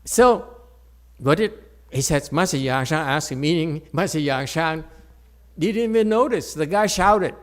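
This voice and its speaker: A man's voice: on the high side, lively intonation, unhurried. A man giving a Buddhist dharma talk to a live audience, playful and joking, often checking in with his listeners. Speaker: Chan meditation teacher. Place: meditation center hall with audience.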